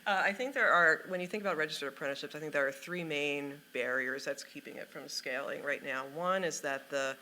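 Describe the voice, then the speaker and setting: A man speaks on a panel in a conference meeting room, laying out policy points in a measured, articulate way. His voice sits a little high and sounds bright and crisp. He uses only the occasional filler. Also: fairly even intonation, a little hiss or hum.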